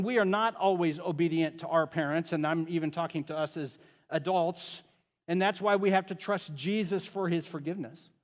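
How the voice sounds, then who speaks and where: A man's voice: high-pitched, long reverb tail. A pastor preaching a sermon to his congregation in a casual, conversational way, often joking with the kids and parents.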